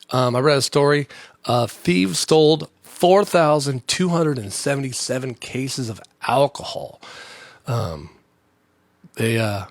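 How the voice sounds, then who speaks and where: Gravelly dude rambling solo on his podcast, swears a lot, dry mic. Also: mid-range voice, dry recording. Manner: profane, rambling, jokey. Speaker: comedy podcast host.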